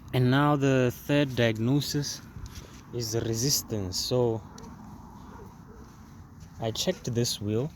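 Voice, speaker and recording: A man talks slowly through a hands-on car repair, stopping and repeating words as he works. His voice sits at an ordinary middle pitch. A faint hum of outdoor ambience runs under him. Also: a little mellow. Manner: slow, halting, repeats words while explaining. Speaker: car repair video host. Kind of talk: casual how-to demonstration.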